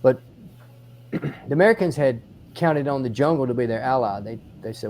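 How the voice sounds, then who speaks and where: A man with an Australian accent, a military historian giving an on-site battlefield explanation, telling the story in animated detail with frequent restarts. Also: mid-range voice, normal speed, long pauses, a little hiss or hum. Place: outdoors on a battlefield.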